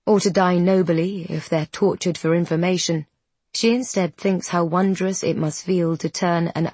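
In a low, husky, slightly mellow voice, a woman narrates a storybook from a script at a measured, descriptive pace. The sound is close and dry.

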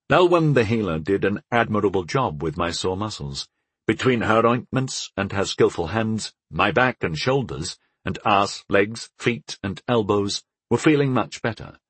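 A man narrating a first-person fantasy story in an expressive storytelling manner. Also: fairly low pitch, measured pace, husky, no echo. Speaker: audiobook narrator.

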